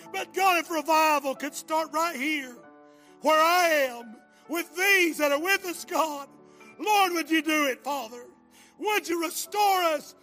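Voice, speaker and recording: The voice is extremely high, belonging to an older man giving an impassioned revival sermon and prayer. It rises from hushed tones to shouting and breaks under emotion.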